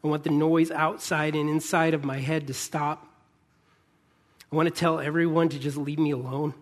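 A man in his thirties, a pastor, preaching in an earnest way, pausing often and building to a fervent plea. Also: a little high, flat delivery. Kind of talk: sermon.

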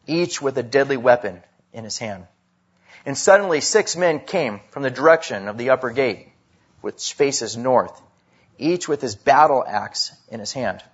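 A man preaching a sermon, swinging between loud emphasis and hushed drops. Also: medium pitch, husky, lo-fi sound. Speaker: pastor.

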